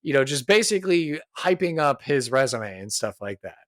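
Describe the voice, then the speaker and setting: A man's voice: mid-range voice, big pitch swings, moderate pace, no room sound. A man hosting a tabletop role-play podcast, narrating his character in a loose, rambling way. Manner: rambling, many fillers, chuckles. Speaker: podcast host and player.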